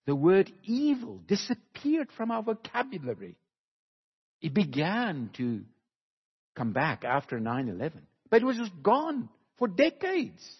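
A man preaching a sermon slowly and emphatically, with dramatic pauses, recorded in a church hall. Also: high voice, wildly swooping pitch, husky. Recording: dull, lo-fi recording with long hall reverb.

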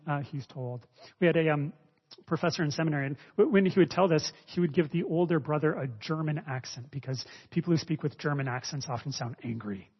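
A male preacher teaching a sermon, expressive, swinging between raised emphasis and quiet asides. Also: fairly high pitch. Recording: dull lo-fi audio with long reverb.

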